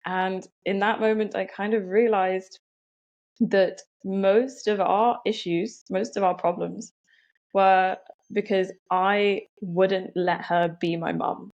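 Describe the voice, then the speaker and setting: A woman's voice: mid-range voice, fairly even intonation, takes it slowly, darkish tone, highs cut off. A young woman telling a personal story as a podcast guest, reflective and full of "um" and "like". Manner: reflective, many "um" and "like" fillers.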